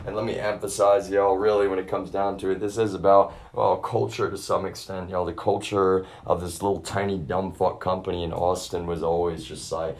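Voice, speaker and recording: A man's voice: deep voice, steady tone, fairly quick, few pauses. A young man livestreaming from his grandmother's home, ranting at length, swearing heavily and keeping on calling his viewers y'all. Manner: swears heavily and keeps addressing the audience as y'all. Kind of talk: profane rambling rant to a live audience. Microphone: self-filmed camera.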